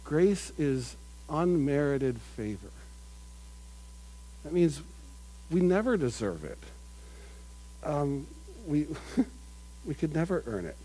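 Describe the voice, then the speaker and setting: A middle-aged man preaching a sermon in an earnest manner, building to loud emphatic peaks and dropping to quiet asides. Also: on the high side, sing-song, slow pace, pauses often, slightly rough, low-quality recording. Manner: earnest, builds up with rising emphasis, mimics crowd voices.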